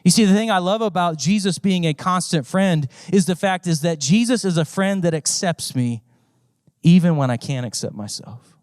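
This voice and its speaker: A man with a high voice preaches in a conversational, storytelling way, circling back to repeat his phrases. The sound is dry and close, with no room echo. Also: normal speed, a little mellow. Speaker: pastor. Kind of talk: sermon.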